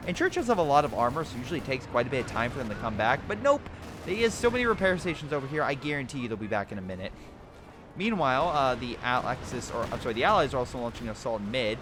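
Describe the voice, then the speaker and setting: A man commentating a strategy game replay, excitable, laughing and giving units joking voices. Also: medium pitch, quick pace. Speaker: game caster. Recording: game noise behind the voice. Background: artillery and gunfire game sounds.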